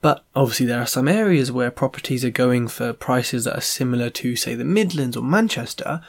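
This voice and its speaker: A man hosting a casual podcast interview, talking in a chatty, joking way. His voice sits at an ordinary middle pitch. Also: lively intonation, vocal fry. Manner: chatty, jokey, quick asides. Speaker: podcast host.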